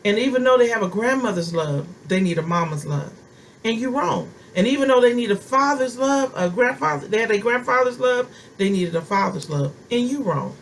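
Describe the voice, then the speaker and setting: A woman's voice: on the high side, expressive, normal speed, a little hiss or hum. A middle-aged woman prophetess preaching a sermon, impassioned and driving her points home with emphatic repetition.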